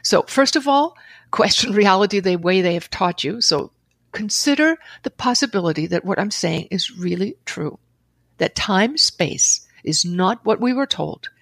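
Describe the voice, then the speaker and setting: Expressive woman guest telling a story. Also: mid-range voice, unhurried, gravelly, dry recording. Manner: expressive, laughs often, acts out her own inner dialogue. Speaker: podcast guest, author and seminar leader. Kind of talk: animated storytelling in conversation.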